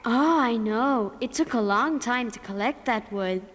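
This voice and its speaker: A woman voicing a calm, wise female winter creature in a cartoon, speaking in a matter-of-fact, knowing way. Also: a little high, measured pace. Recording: reverberant dub with music score.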